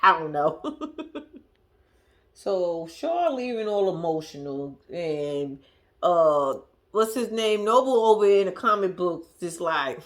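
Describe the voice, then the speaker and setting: A woman's voice: fairly low pitch, expressive, slow pace. A woman vlogger giving casual, slangy commentary on a reality show, laughing often and talking animatedly. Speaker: reaction vlogger.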